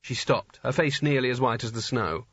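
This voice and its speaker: A man reading a story aloud as an audiobook narrator, in a dry, even storytelling manner. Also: mid-range voice, normal speed, slightly rough, dry recording. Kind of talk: scripted narration. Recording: slightly dull lo-fi recording.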